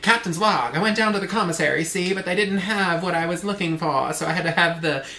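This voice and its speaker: A grand old-Hollywood film star, as a man puts her on with clipped, theatrical diction. The tone is bright and the talk hurries along. It sounds like an echoey room with a faint hiss. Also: high-pitched, fairly quick. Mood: grandiose.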